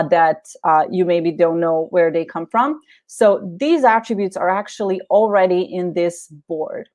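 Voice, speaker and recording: Woman webinar host, slightly low voice, friendly walkthrough with fillers. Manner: friendly, many fillers, talks viewers through clicks. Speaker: webinar presenter. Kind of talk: live software tutorial webinar.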